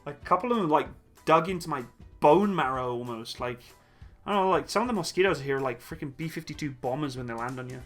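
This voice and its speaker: Bright-voiced man on a live stream. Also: fairly high pitch, animated, quick pace. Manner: jokey, laid-back, laughs easily. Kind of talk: casual live Q&A, reading chat questions aloud. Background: faint upbeat music.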